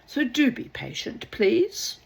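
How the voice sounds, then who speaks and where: A woman's voice: on the high side, huge pitch swings, takes it slowly, creaky, husky, pitched above the performer's own voice, full character voice. A woman doing a prim, fussy sick man. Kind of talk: comic poem read aloud.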